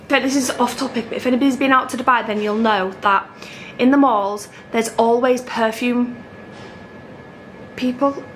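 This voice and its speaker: Chatty mum, high voice. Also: female voice, fairly even intonation, normal speed, a bit bright, a little hiss or hum. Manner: chatty, gushing, talks to her toddler in a high voice. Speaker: family vlogger. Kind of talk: casual chat. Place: home bedroom.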